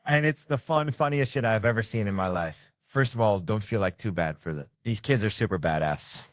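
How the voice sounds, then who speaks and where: A man with a Southern US accent telling a profane comic story, acting out the characters with sudden jumps in pitch and loudness. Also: fairly quick, no room sound, studio quality. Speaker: comedian storyteller. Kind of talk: casual storytelling.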